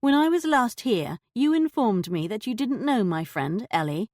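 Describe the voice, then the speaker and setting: A woman's voice: a little high, very animated, normal speed, a little mellow, no room sound, studio quality, pitched above the performer's own voice. A woman voicing a shrewd young lady detective who questions a suspect with poised, pointed politeness. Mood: pressing.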